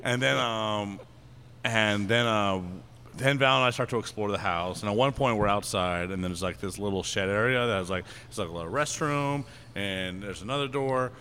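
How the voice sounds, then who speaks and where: A man's voice: lowish voice, moderate pace, bright, forceful tone, slight background noise. A man telling a long anecdote on a podcast, rambling and packed with fillers, breaking into laughs as he goes. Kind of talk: casual storytelling.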